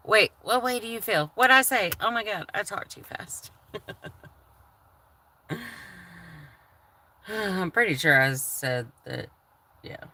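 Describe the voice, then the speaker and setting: A woman's voice: lowish voice, very animated, slow, long pauses, bright, forceful tone, slight background noise. A woman chatting candidly on a livestream, emotional and swearing freely. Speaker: live streamer. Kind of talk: casual livestream chat.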